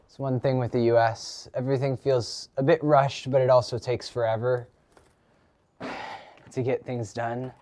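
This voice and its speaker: A man's voice: medium pitch, level tone, normal speed, warm tone. A teenage boy chatting casually on a live stream from his garage, rambling with lots of ums and restarts. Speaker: livestreamer. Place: home garage.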